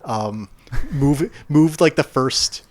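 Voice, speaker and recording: A young man co-hosting a live stream in casual chat, playful and quick to laugh. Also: mid-range voice, no echo, clean studio sound. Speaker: co-host.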